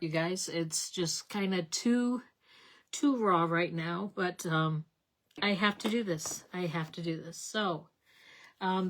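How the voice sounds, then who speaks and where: A middle-aged woman hosts a live craft stream in a fairly low voice. She talks in a loose, rambling way and stops to greet viewers by name. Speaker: card-making live stream host. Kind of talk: casual live craft demonstration.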